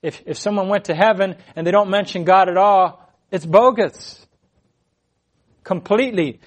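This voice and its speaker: Earnest preacher man, slightly high voice. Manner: earnest, emphatic, swells louder on key phrases. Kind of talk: expository sermon.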